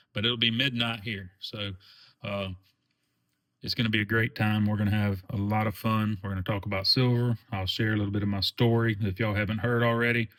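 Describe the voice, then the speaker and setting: Speaking in a lowish, fairly bright voice, a Southern US man hosts his channel with casual vlog chat. His delivery is earnest and folksy, packed with fillers.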